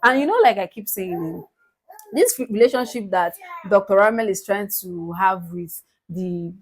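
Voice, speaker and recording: A woman chats through a casual recap at a middle pitch. She is animated, laughs easily and breaks into raised voices. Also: normal speed. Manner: animated, laughs often, acts out quotes in a raised voice. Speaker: podcast co-host.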